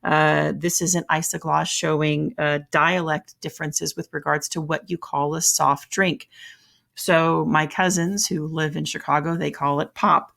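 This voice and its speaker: A woman with a Southern US accent gives a recorded lesson in a low, gravelly voice. She explains things in a chatty way and often stops mid-sentence to correct herself. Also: level tone, measured pace, a bit bright. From American South. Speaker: teacher.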